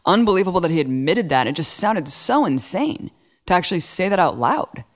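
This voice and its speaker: A man's voice: high-pitched, very animated, brisk. A man co-hosting a casual political talk show, indignant and sarcastic, stacking rhetorical questions. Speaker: podcast co-host.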